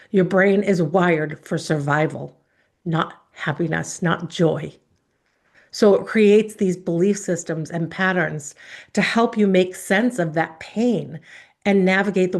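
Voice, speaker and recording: A woman giving an earnest, emotional speech built around her own life story, with dramatic pauses. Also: on the low side, darkish tone. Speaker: speaker.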